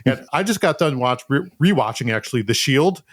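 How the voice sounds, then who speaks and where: A man hosting a podcast interview, asking relaxed, conversational questions and chiming in with short acknowledgments. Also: medium pitch, a little fast, dry recording, studio quality. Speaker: podcast host.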